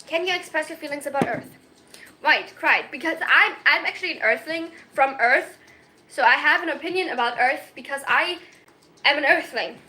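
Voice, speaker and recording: A woman in her twenties from Germany, chatting casually on a livestream over her phone, excitable and giggly with rambling self-mocking jokes. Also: high-pitched, normal speed, slight background noise. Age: 20s. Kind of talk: casual chat.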